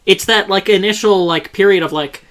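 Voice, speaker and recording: A man co-hosting a casual review chat, relaxed and peppering his talk with "like". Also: sits high, normal speed. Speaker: podcast co-host.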